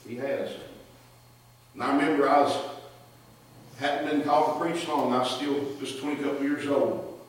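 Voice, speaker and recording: A man's voice: medium pitch, fairly even intonation, moderate pace, pauses often. A man preaching a sermon in a church, telling stories with fervent repetition. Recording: echoey hall, distant mic.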